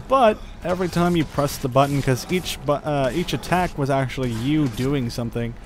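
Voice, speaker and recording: A man's voice: mid-range voice, a little hiss or hum. A young man giving casual gameplay commentary, thinking aloud with lots of fillers and chuckles. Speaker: gaming channel host.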